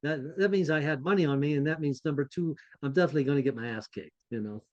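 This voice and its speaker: Lively storytelling man, slightly raised pitch. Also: fast talker, highs cut off. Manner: animated, self-deprecating storyteller who laughs along. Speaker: podcast co-host. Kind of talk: casual anecdotal storytelling.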